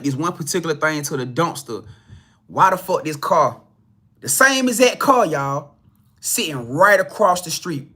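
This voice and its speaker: A man who hosts a spiritual reading channel speaks in a pushed, bright, slightly high voice. Telling his viewers a story, he's casual, emphatic, heavily profane, and often repeats himself.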